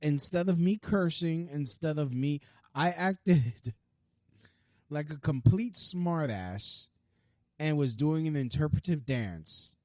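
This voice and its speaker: A man's voice: on the high side, expressive, slow, darkish tone, dry recording. A man ranting casually to camera, rambling and profane, with many fillers and restarts. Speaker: vlogger. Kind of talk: casual rant.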